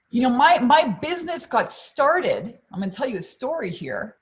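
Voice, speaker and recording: A woman's voice: sits high, normal speed, few pauses. A woman business coach on a live stream, talking energetically to her audience, swearing freely and often checking in with "okay?" and "you guys". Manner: energetic, profane, keeps addressing the audience.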